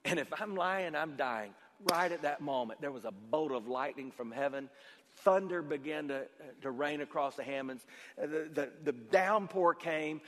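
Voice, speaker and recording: A man preaching a sermon as pastor, telling a story with acted-out dialogue that swings from loud to quiet. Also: a little high, in a large hall.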